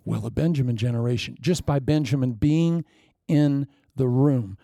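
In a mellow, gravelly voice of medium pitch, a man preaches at a moderate pace. His storytelling is lively, with acted-out lines and abrupt asides to the congregation, and the sound is dry without any room echo.

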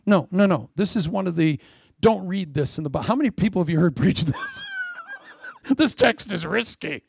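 A male preacher with a fairly high, gravelly voice that leaps all over the place as he jokes his way through a sermon. He swings from loud, laughing punchlines to hushed asides, all captured close and dry with no room sound. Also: moderate pace, no echo. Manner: animated, joking, often laughing, drops to soft asides. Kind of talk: lively comic sermon.

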